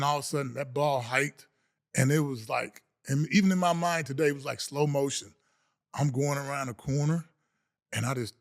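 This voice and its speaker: A middle-aged man, a former football player, telling a story in an animated way, laughing often and acting out the voices of others. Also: medium pitch. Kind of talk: casual storytelling.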